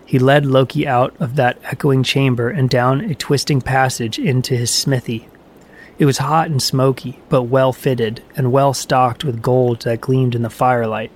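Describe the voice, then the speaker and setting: A man reading a myth aloud as a storyteller, in an even, measured way. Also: medium pitch, slight background noise. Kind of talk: scripted narration of a myth.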